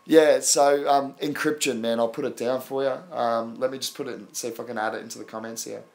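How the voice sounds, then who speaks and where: A man's voice: medium pitch, flat delivery, a little fast, gravelly. A man with an Australian accent, hosting a casual live stream and talking to viewers in chat, calling them bro and man. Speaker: crypto livestream host.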